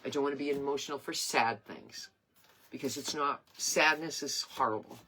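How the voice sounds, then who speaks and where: A woman's voice: extremely low pitch, normal speed, sharp tone, a little hiss or hum. A woman in her sixties hosting her craft page live, chatting in a rambling, earnest and emotional way. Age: 60s. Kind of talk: casual live-stream chat.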